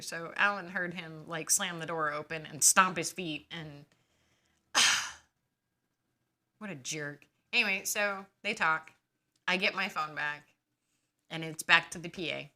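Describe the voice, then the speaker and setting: A woman's voice: lowish voice, normal speed, bright, forceful tone. A woman podcast host telling a personal story in a casual, indignant and sarcastic way.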